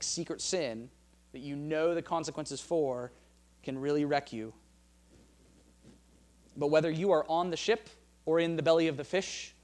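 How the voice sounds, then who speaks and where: A man preaching a sermon in an earnest way, often repeating words and dropping softer to read scripture. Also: on the high side. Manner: earnest, repeats phrases, drops soft for scripture. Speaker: pastor.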